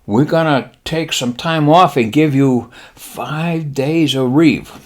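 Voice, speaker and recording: A man putting on a pompous high-voiced admiral. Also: slow pace, darkish tone. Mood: coaxing. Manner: high, clipped, overly formal speech. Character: pompous old male naval admiral.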